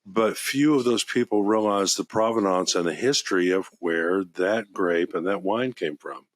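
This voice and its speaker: A wine shop podcast host with a somewhat low voice chats casually about wine at a normal speed. He rambles happily from story to story, obviously excited by the topic. The recording is close and dry, with no room sound.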